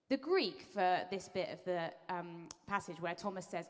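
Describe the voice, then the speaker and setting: Lively woman preacher in an echoing hall. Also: lowish voice, measured pace, hardly any pauses. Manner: lively storytelling, acting out quotes in voices. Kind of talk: conversational sermon. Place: church hall. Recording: long reverb of a large hall.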